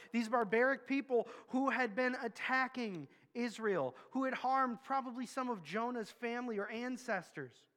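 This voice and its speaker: High-voiced man preaching conversationally. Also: pushed and bright. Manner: conversational, candid, storytelling. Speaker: pastor. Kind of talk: sermon. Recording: long hall reverb.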